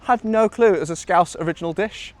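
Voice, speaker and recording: A man's voice: high voice, fast talker, darkish tone, no echo. Chatty young Liverpudlian man, dry close sound. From Liverpool, England. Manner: chatty, rambling, with many ums and "bro" and "man". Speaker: IRL livestreamer. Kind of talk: casual live-stream chat reading chat aloud. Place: outdoors in Osaka, early morning.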